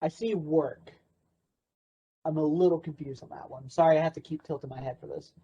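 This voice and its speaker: A man's voice: a little high, fairly even intonation, a little fast, warm tone, husky. Guy running a workshop, teasing and sarcastic, kinda dull muffled recording. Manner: playful and sarcastic. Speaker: workshop presenter. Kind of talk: interactive workshop talk.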